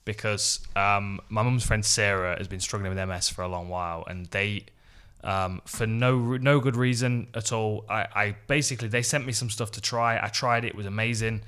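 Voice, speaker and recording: Low, bright-toned man. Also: steady tone, moderate pace, few pauses, clean tone. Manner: hesitant, lots of fillers and restarts. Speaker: podcast co-host. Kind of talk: casual podcast chat with sponsor read.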